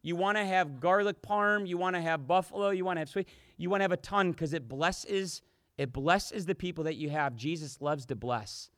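A man with a high, ringing voice preaches a fervent sermon, building to loud emphatic peaks and then dropping to near-whispers. The sound is dry and close, with almost no room echo around him. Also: normal speed. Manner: impassioned preaching that swings from loud to hushed. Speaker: pastor.

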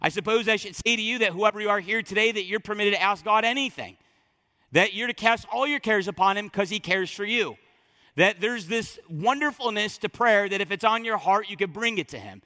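A man preaching from the pulpit with a high, bright voice. He drives points home by repeating phrases, and his words ring out with a long reverb through a church hall. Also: a little fast. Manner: emphatic, repeats phrases for stress. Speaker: pastor. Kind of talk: sermon.

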